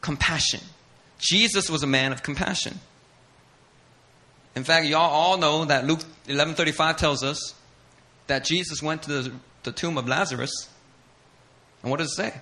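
A man's voice: fairly high pitch, moderate pace, pauses often, sharp tone. A male pastor preaching a sermon in an emphatic, passionate way, repeating key lines and building intensity.

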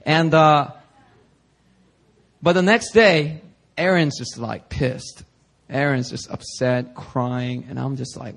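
A young adult man preaching, telling a personal story with lively energy and acting out the people he quotes. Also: a little high, a little slow. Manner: animated storyteller, acts out quoted voices. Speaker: pastor.

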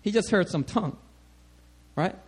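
High-voiced man preaching a lively sermon. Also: normal speed, slightly rough. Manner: animated, checks in with "all right?" often. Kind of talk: sermon teaching.

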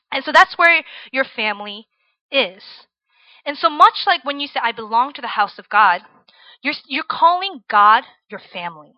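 A woman's voice: high-pitched, no room sound. Young woman preacher, conversational, keeps checking in with the room; muffled, close-miked sound. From Virginia, USA. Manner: chatty, tags lines with "right?" and "like". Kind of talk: casual sermon to students.

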